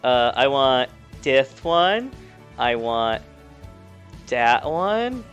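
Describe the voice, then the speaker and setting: A man's voice: medium pitch, big pitch swings, very slow, a bit bright, highs cut off, soft background music. A man running a tabletop game as game master, narrating in a playful, chatty way.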